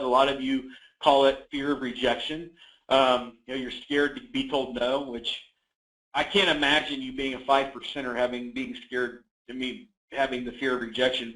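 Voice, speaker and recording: A man's voice: fairly high pitch, fairly bright tone, reverberant, low-quality recording. A man coaching real estate agents in a webinar, talking with energy and many fillers.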